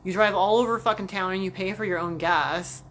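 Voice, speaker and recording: Profane, animated woman ranting. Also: medium pitch, a little fast, a little hiss or hum. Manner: profane, animated, self-mocking storytelling. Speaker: vlogger. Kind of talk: casual rant to camera.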